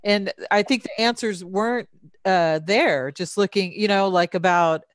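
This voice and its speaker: A woman's voice: medium pitch, a little slow, no room sound, clean studio sound. An American woman hosting a casual online chat, full of fillers and easy laughter. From United States. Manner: filler-heavy, hesitant, laughs easily. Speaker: live stream host.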